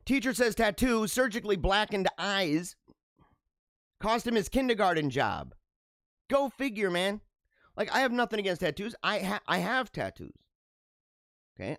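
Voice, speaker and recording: A man hosting a show, reading out news items and joking about them in loose, animated asides with frequent laughs. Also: sits high, no room sound. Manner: animated, laughs and riffs between read-aloud headlines. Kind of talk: casual commentary on news items.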